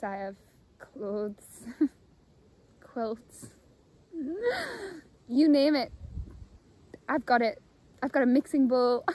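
Filming a casual vlog by a pond on abbey grounds, a young woman laughs frequently and sounds dreamy and delighted as she talks into her phone. Her voice sits on the high side with a slightly mellow quality, and the recording is rough.

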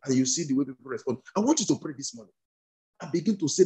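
A man's voice: on the high side, lively intonation, racing, mellow, slightly rough. A male pastor leading a fervent prayer sermon over a video call, repeating commands and breaking into tongues. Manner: commanding, repetitive declarations; speaks in tongues between prayers.

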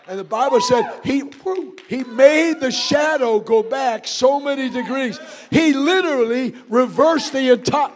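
A man preaching a sermon in a church, fervent and shouting, with quick asides to the congregation. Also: very high-pitched. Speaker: pastor.

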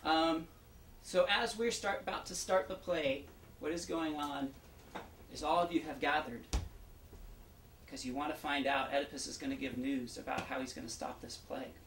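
A man's voice: fairly high pitch, steady tone, moderate pace, a bit bright. A man gives a casual, chatty pre-show introduction as an actor, retelling the backstory and speaking directly to the audience. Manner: chatty, storytelling, addresses the audience. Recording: roomy, distant, faint background hum.

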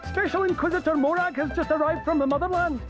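An actor playing a timid, slow-witted male soldier in a video game, hesitant and apologetic. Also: very high voice, fairly even intonation. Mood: nervous. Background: faint game music.

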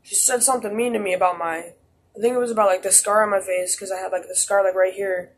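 A man's voice: sits high, steady tone, fast, slight background noise. A teenage boy vlogging a casual storytime, rambling with lots of "like" and restarts. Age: teens. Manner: rambling, heavy use of "like" and restarts.

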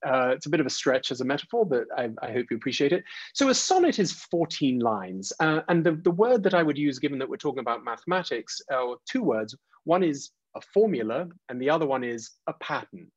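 Male webinar presenter, husky voice, lots of fillers, dry lo-fi call audio. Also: mid-range voice, very animated, a little fast, no room sound. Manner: frequent "uh" and "um", restarts; taps out rhythms aloud. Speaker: presenter leading a teacher training webinar. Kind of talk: informal online lecture.

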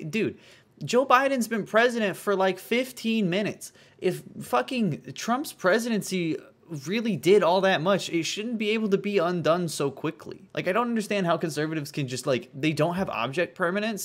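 A man streaming live, commenting sarcastically with lots of swearing and filler words. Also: fairly high pitch.

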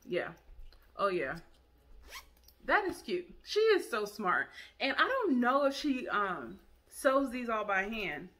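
A woman's voice: a little high, sing-song, slow pace, a bit bright. A woman hosting a casual product review vlog, chatty and enthusiastic, talking straight to her viewers.

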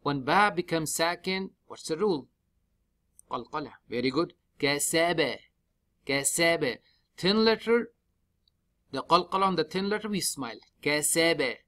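A man teaching tajweed step by step in a mosque, spelling out letters and vowels one at a time and chanting the verses slowly and drawn out. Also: a little high, expressive, fairly bright tone. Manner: slow, drawn-out chanting when reciting. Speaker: Quran recitation teacher.

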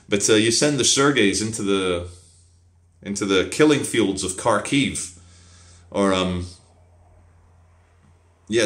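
A man's voice: on the low side, a bit bright. Blunt, profane man rambling in a roomy echo. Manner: sardonic asides. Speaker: vlogger. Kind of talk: casual unscripted monologue.

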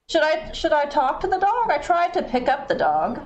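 A woman's voice: sits high, very animated, moderate pace, hardly any pauses, darkish tone, soft background music. A woman giving playful, casual let's-play commentary, swearing and giggling at the game. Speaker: gaming streamer.

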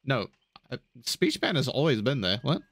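A man's voice: mid-range voice, huge pitch swings, moderate pace, fairly bright tone. Chatty male streamer gaming live. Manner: chatty, answers chat, repeats himself, bursts into laughter. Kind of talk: casual live-stream chat while gaming.

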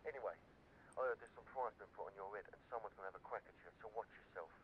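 An actor playing a cocky small-time fixer who warns a friend over the phone in chatty slang. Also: male voice, fairly low pitch, very fast, a little hiss or hum, lightly acted. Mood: warning, cheeky. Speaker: game character on a phone call. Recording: muffled phone line.

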